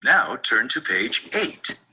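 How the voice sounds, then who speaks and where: Guy reading workbook steps slow, bright husky voice, lively pitch. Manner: slow, even-toned reading of directions. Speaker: recorded lesson narrator. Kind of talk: scripted instructions.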